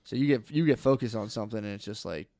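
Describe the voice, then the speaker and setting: Animated sweary podcast man. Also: fairly low pitch, quick pace, dry recording. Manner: animated, swearing, acting out his own thoughts. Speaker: podcast co-host. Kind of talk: casual podcast chat.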